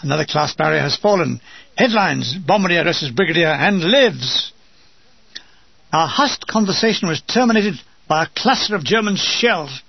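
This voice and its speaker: A man's voice: fairly high pitch, moderate pace, vocal fry, slightly rough, dry recording. Wry man reading a memoir. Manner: wry, deadpan humor with acted asides. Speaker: memoir narrator. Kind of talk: comic wartime memoir reading. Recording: dull lo-fi dry recording.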